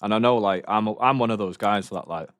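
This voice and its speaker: A man's voice: on the low side, a little fast, a bit bright, dry recording, clean studio sound. A young man, chatting casually on a livestream while reacting to videos, rambling and swearing in slang.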